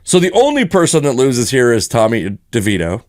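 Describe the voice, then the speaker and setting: A man's voice: mid-range voice, wildly swooping pitch, fairly quick, no echo. Chatty man on a dry podcast mic. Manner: rambling, joking, frequent restarts and chuckles. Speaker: podcast co-host. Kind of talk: casual sports chat.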